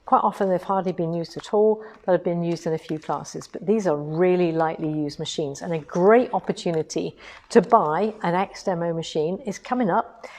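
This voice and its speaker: A woman's voice: lowish voice, normal speed, a little mellow. A woman co-hosting a livestream, talking casually and enthusiastically while demonstrating a machine. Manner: chatty, enthusiastic, rhetorical asides. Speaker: co-host of a quilting shop livestream. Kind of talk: casual livestream chat and product demo.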